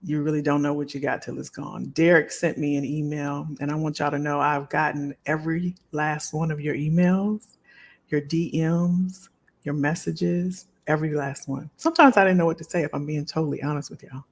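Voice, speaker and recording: A woman's voice: low voice, steady tone, normal speed, slight background noise. A middle-aged woman hosting a live stream, chatting casually and heartfelt with her viewers and often repeating phrases. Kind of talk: casual chat to a live audience.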